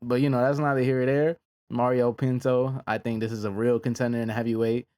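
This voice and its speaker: A man casually reviewing fight results in a laid-back, slangy way, with frequent pauses. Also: mid-range voice, little pitch movement, a little mellow. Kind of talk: casual reaction commentary.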